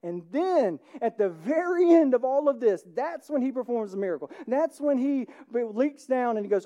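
A pastor preaches in a relaxed, conversational way at a church service, often turning a point into a quick "right?" for the listeners. The voice is mellow and warm, set at a middling pitch. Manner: informal, keeps asking "right?". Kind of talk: conversational sermon.

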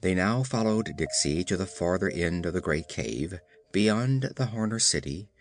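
A man narrating an audiobook with expressive storytelling. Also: low voice, a little slow, a little hiss or hum. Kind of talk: scripted narration.

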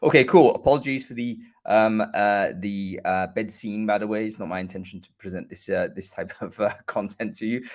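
A man hosting a live online show, chatty and filled with ums and uhs, talking from a room by a bright window. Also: on the low side. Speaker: host.

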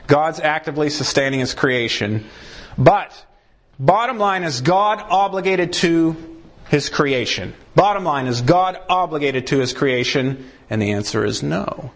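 A man teaching the Bible sermon-style to a room of people, animated, putting on the voices of doubters and asking the room questions. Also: on the high side, measured pace. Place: room with a gathered audience.

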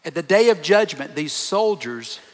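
An animated man with a fairly high voice preaches a sermon at a moderate pace. As a pastor addressing his congregation, he presses his points emphatically with piled-up short repeated phrases, all heard through the long reverb of a large hall.

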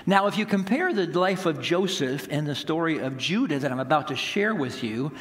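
Male pastor, about 60, animated storytelling sermon, fairly high voice, hall reverb. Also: normal speed. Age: around 60. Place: church sanctuary.

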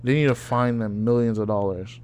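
A man's voice: mid-range voice, steady tone, fairly quick, darkish tone, clear, resonant tone. A man co-hosting a casual podcast chat, loose and profane, joking and reacting with disbelief. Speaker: podcast co-host.

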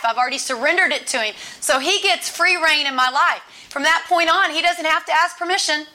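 A woman's voice: high voice, sharp tone. A woman giving a conversational sermon as a Bible teacher, emphatic, repeating key phrases and adding chatty asides.

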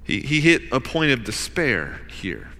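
Bright-voiced preacher in a reverberant hall. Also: male voice, very animated, measured pace, vocal fry. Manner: acts out voices of the people in the story; swings between loud urging and hushed low asides. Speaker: pastor. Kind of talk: sermon.

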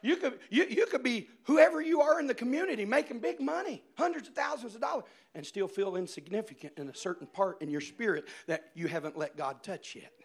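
A male preacher giving a sermon, telling a story with shouted, animated swings. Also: sits high, brisk, few pauses, breathy edge.

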